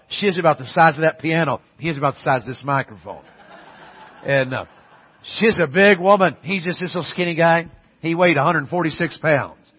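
A husky, slightly high-voiced man delivers a storytelling sermon about his family. He swings from hushed, low asides to loud, high bursts at the punchlines. The sound is dull and lo-fi. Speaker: preacher.

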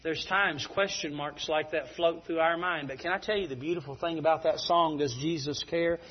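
Man, middle-aged, preacher, folksy storytelling, husky, muffled lo-fi sound. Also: fairly high pitch, moderate pace. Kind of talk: sermon. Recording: dull lo-fi recording.

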